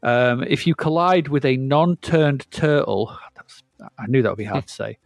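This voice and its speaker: A man with a medium-pitched, gravelly voice talks at normal speed in an animated way, recorded cleanly in a studio with no room sound. He's a podcast co-host chatting casually about retro video games, rambling and frequently stopping to correct himself.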